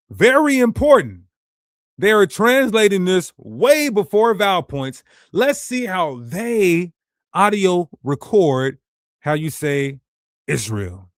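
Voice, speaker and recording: A ministry teacher with a high male voice gives an animated teaching presentation, recorded dry with clean studio sound. He is emphatic and rhetorical, speaking directly to his viewers.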